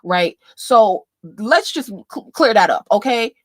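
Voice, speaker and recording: A woman talks through a casual livestream with a lively, wide-ranging pitch, jumping from loud, heated outbursts to quiet muttered asides. She swears freely and keeps a loose, chatty flow. The sound is close and dry, with no room around it. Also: slow pace, no room sound. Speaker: livestream host.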